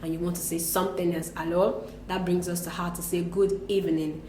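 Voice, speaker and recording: A woman teaching French greetings in a casual lesson, explaining patiently and slowly, mixing English with French phrases. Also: fairly low pitch, flat delivery, darkish tone, slight background noise. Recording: echoey room with faint ambience.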